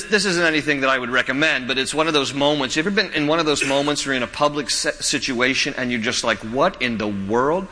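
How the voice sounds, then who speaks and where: A male pastor delivers a sermon in a high, bright voice. He mixes teaching with animated personal anecdotes and self-deprecating jokes. The sound carries the long reverb of a large hall.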